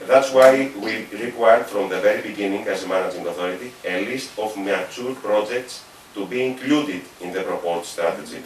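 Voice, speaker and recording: A man from Greece with a Greek accent, giving a conference presentation as a regional official, halting with fillers and self-corrections. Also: fairly low pitch, reverberant, recorded from a distance, slight background noise, poor audio. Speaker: regional managing authority official.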